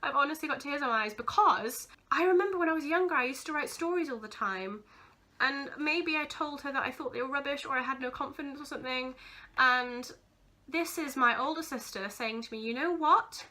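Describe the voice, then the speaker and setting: A woman's voice: high voice, fairly quick, pushed and bright. A young woman vlogging casually, gushing and giggly as she goes through keepsakes, teary-eyed and sentimental. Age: young adult. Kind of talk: casual vlog chat.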